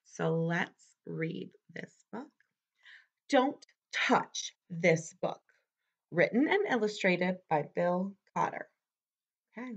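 Slow, lively woman teacher reading aloud. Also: medium pitch, slightly rough, muffled recording. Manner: friendly, addresses children directly. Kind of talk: children's read-aloud.

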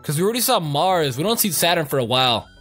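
Animated, joking young man narrating gameplay. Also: a little high, fast talker. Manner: profane, joking, rambling, reacts loudly. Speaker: let's play gamer. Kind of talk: casual gameplay commentary. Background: faint game music.

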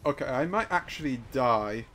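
A man giving live gameplay commentary, excitable and trash-talking, swinging from muttering to shouting. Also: medium pitch, normal speed. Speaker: gaming YouTuber.

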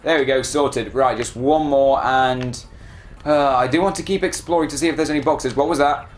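A man giving casual, excitable commentary while playing a video game and talking back to it. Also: mid-range voice, moderate pace, a little hiss or hum. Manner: chatty, excitable, self-deprecating, talks to the game. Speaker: let's play gamer.

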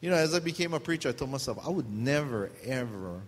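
Talking fast in a mid-range voice, a middle-aged man from Hawaii delivers a storytelling sermon in Pidgin-tinged English. His stories are funny and animated, often interrupted by his laughter, and the hall's long reverb sits over faint background noise.

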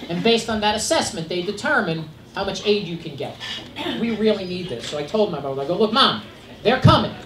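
A man's voice: high-pitched, lively intonation, fast talker. A middle-aged man performing a stand-up comedy set on a club stage, telling stories in a dry, conversational way with asides to the audience. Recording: roomy live club recording from a distance, loud crowd and noise. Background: loud audience laughter.

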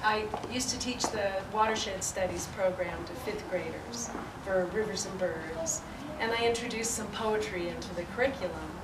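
A woman reminiscing and reading poetry aloud at a peace forum, in an unhurried, warmly reminiscing way. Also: medium pitch. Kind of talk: spoken recollection and poetry reading. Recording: roomy, distant, noisy event recording.

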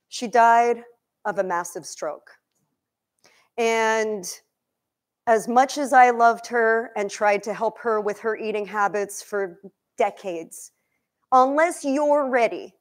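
A woman nutrition coach and cookbook author from Egypt, giving a lively talk to a live audience in a demo kitchen, asking them questions. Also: sits high. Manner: energetic, questions the audience, emotional.

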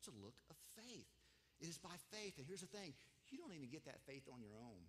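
A fairly high-voiced man preaches with a lively, swinging delivery, leaning on rhetorical questions and emphatic asides. His voice carries through a church sanctuary with a long, ringing reverb trailing each phrase. The tone stays conversational even as he presses his points. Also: fairly quick, a little hiss or hum. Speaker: pastor. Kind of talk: sermon.

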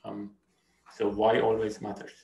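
A man's voice: lowish voice, monotone, unhurried, gravelly, dark tone, reverberant, poor audio. A man giving a university lecture, hesitant, with many fillers and restarts, often checking in with "right?". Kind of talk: recorded lecture.

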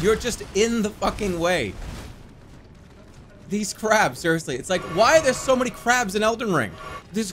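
A man streaming a video game, casually chatting and telling a long, excitable story, swinging from low mumbles to yelps. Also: slight background noise. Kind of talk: casual gameplay commentary.

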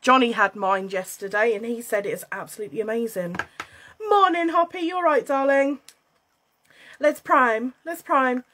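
A British woman hosting a casual livestream from home, bubbly, excitable and a bit scatty as she chats to viewers. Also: a little high, brisk, slight background noise. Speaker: livestream host selling beauty and wellness kits. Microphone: phone.

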